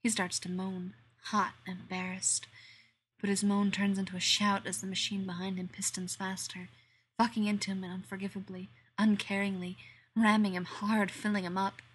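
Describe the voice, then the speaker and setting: A woman narrating an erotic audio story in a slow, intimate manner that slips into whispers. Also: mid-range voice, level tone, a little hiss or hum.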